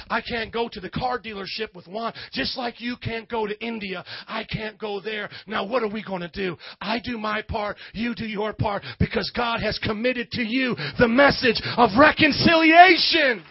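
Male pastor, Southern twang, high-pitched, fiery shouting preacher; dry, dull, muffled sermon recording. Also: dry recording.

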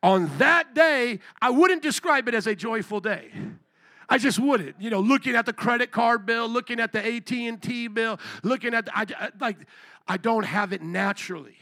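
A man's voice: extremely high pitch, moderate pace, bright, forceful tone. A middle-aged male pastor preaching a sermon in a candid, conversational way, with his intensity rising and falling.

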